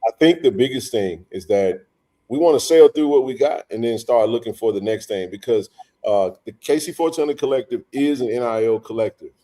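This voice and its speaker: A man's voice: medium pitch, fairly quick, mellow. A man hosting a casual livestream chat, talking in loose rambling runs with frequent restarts. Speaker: host.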